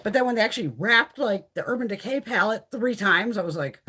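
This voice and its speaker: A middle-aged woman talks off the cuff to her live-stream viewers, swearing freely and playing out both sides of remembered conversations. Her voice swings widely in pitch and carries a slightly husky, breathy edge. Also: a little fast. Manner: swears constantly, chatty and animated, acts out quoted exchanges. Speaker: beauty vlogger chatting with live viewers. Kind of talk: casual live-stream chat.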